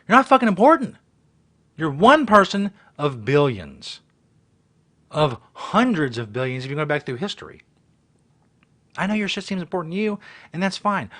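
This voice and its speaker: Male host, profane exasperated rant, somewhat high voice with big pitch swings. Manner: profane, exasperated ranting, swinging from mutters to yelling. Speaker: host reacting to a viral video. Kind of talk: ranting commentary.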